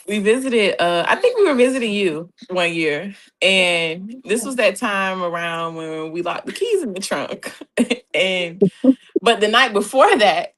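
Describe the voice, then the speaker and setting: Woman, lively swinging pitch, laughing, filler-heavy, casual podcast chat.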